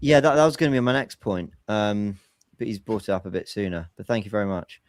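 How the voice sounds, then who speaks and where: A man's voice: lowish voice, a little fast, dry recording, studio quality. A man hosting a casual football podcast over a remote call, talking analytically and explaining tactics at length. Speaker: podcast host.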